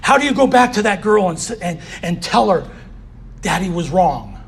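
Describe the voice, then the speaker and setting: A man's voice: high-pitched, animated, fairly quick, creaky, a bit bright, a little hiss or hum. A man giving a candid personal recovery share as a convention speaker, often saying "you know".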